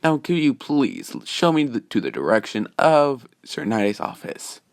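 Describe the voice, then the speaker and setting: A man voicing a young male hero with a villain reputation, reading his lines in a flat, politely sarcastic way. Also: medium pitch, measured pace, dry recording, clean studio sound, pitched above the performer's own voice. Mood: mock polite.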